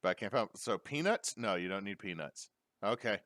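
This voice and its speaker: Guy, middle-aged, low voice, dry close sound, lively storyteller for a chat show. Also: normal speed, dry recording. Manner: animated storyteller, acts out quotes. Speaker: podcast co-host. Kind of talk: casual chat.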